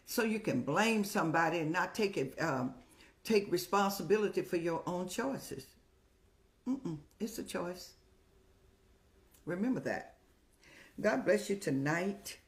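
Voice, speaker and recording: An older woman hosts a live-streamed advice show in a lowish, expressive voice, speaking a little slowly and pausing often. Motherly and preachy, she calls viewers "child" and tells stories with laughter.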